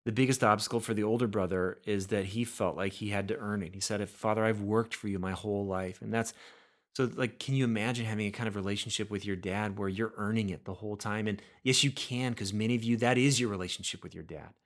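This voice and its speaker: A man's voice: fairly low pitch, fairly even intonation, fast talker. A man preaching a sermon in an earnest way, often repeating words as he builds a point. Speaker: pastor.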